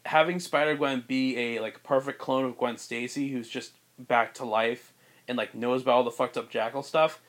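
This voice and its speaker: A man hosting a podcast, casually pitching a film plot in a rambling way, full of "like" and restarts. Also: fairly even intonation, moderate pace, a bit bright. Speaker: podcast host.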